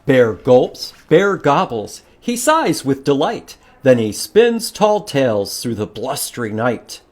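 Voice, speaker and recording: A man reading a picture book to small children, and his voice swings far up and down as he acts out each line. He takes an unhurried pace and stretches out the big moments. He often stops to ask his young listeners questions. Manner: animated, expressive read-aloud with big pitch swings and slow dramatic lines. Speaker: children's librarian. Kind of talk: children's storytime read-aloud.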